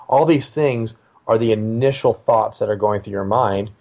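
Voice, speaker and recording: A middle-aged man, a father, telling a personal family story in a casual, conversational way, often pausing with fillers and restarting his sentences. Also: fairly low pitch, a little mellow.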